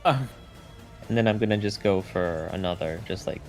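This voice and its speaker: A man's voice: on the low side, expressive, unhurried, darkish tone, faint music behind. A man playing a tabletop game, talking in an easygoing, matter-of-fact way. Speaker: player. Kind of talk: casual tabletop play.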